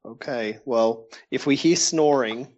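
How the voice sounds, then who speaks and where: A man's voice: mid-range voice, slow, dull audio, crowd noise. A man co-hosting a podcast, friendly and teasing, asking his guests lots of questions. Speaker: co-host. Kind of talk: casual chat.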